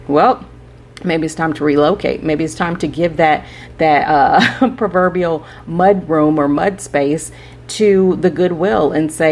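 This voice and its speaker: A woman's voice: deep voice, steady tone, moderate pace, a little mellow. A woman hosting a spiritual podcast, giving rambling, preachy advice straight to her listeners and often checking in with "right?". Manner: rambling, preachy, direct address with frequent "right?". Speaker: podcast host.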